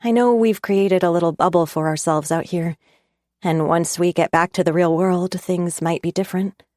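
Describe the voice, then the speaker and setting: A woman's voice: fairly low pitch, fairly even intonation, normal speed, a little mellow, no room sound. A woman narrating a first-person romance audiobook in an intimate, conversational way on a close studio mic.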